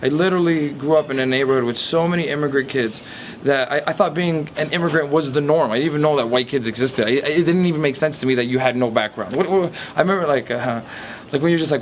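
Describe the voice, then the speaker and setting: A man in his twenties from a Portuguese family background talks quickly and candidly in a documentary interview. He rambles and restarts his sentences often. Faint background noise sits behind his voice. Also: mid-range voice. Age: 20s. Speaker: comedian being interviewed.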